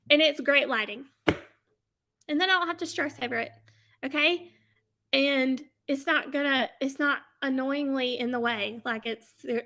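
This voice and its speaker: Woman, high voice, casual live-stream host, chatty, upbeat, lots of "okay?", home desk, webcam audio. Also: sharp tone. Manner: chatty, tags nearly every sentence with "okay?"; upbeat and laughing often. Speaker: host coaching online sellers.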